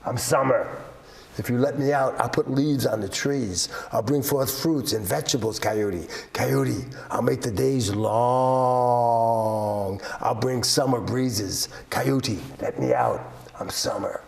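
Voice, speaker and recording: Summer spirit kid, psst-ing and pleading, man doing the voice, low gravelly, slow. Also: darkish tone. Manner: whispery coaxing.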